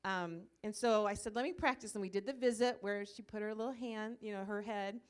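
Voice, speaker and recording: A woman's voice: mid-range voice, steady tone, brisk, smooth. A woman leading a church ministry, telling a story to a group in a loose, chatty way, with many fillers. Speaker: church ministry leader presenting a comfort dog. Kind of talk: informal presentation to a church group. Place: church meeting room, live audience.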